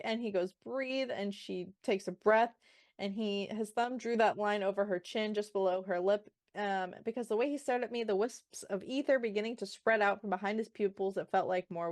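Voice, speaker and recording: A woman co-hosting a podcast, reading a romantic novel passage aloud at an unhurried pace, with hesitant fillers. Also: mid-range voice. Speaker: podcast co-host.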